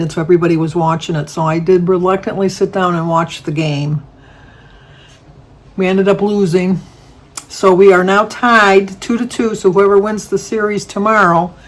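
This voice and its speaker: A woman from Michigan chatting casually at home in a rambling, self-correcting way for her vlog. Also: lowish voice. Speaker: vlogger. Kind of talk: casual chat.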